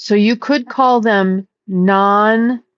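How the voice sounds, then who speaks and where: A woman speaking as a psychic in a casual, meandering spiritual talk, earnest and stretching some words out slowly. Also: medium pitch, fairly even intonation, dry recording, lo-fi sound. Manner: meandering and earnest, with slow drawn-out emphases. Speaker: psychic channeling messages.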